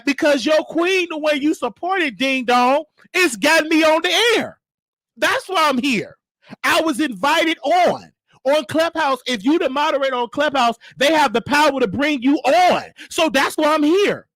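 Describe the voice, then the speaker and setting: A man hosting his own show, telling a story in a casual, animated way and mimicking the people in it. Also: a little slow, no echo, studio quality. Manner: animated, mimics others, drops to a low crooning voice. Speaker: show host.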